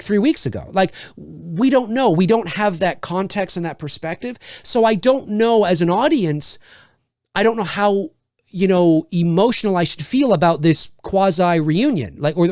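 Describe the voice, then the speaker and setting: A man talks through a film review in a casual, thinking-aloud way, often restarting his sentences mid-thought. His voice sits a little high for a man and moves through a wide, animated pitch range. The sound is close and dry, with no room around it. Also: no room sound.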